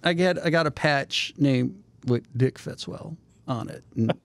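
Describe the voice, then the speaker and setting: A man's voice: fairly high pitch, unhurried, gravelly, no room sound. A man telling a story in casual chat, acting out the voices of the people in it. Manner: animated storyteller, acts out voices. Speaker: guest storyteller.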